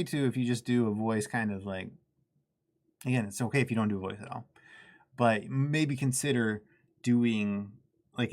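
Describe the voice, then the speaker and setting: A man's voice: fairly low pitch, gravelly. A man hosting a live miniature-painting stream, chatting casually and laughing at himself while he works. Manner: chatty, self-deprecating, laughs easily.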